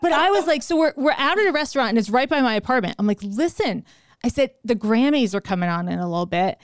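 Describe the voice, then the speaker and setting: Middle-aged female podcast co-host with a smooth, dry, close sound, telling a lively story. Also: fairly high pitch, fast talker, dry recording. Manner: animated, laughing, acts out quoted lines. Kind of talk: casual storytelling chat.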